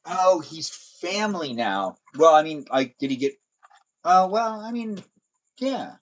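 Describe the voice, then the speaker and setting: A man's voice: on the high side, big pitch swings, measured pace, low-quality recording. A man hosting a casual live stream chat, rambling and circling back to his own catchphrases.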